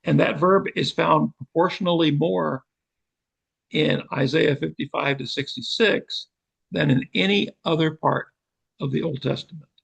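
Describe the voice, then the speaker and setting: An older man teaching a Bible seminar, explaining slowly and deliberately. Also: a little high, gravelly, husky, rough recording. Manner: slow, measured, deliberate explanation.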